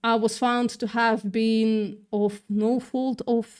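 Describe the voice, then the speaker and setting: A woman's voice: on the high side, flat delivery, takes it slowly, darkish tone, clear, resonant tone. A woman hosting a livestream, reading news aloud with sarcastic, profane asides, stumbling over words, with a mixed accent that is partly British-tinged. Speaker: livestream host. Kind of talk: casual news reading with commentary.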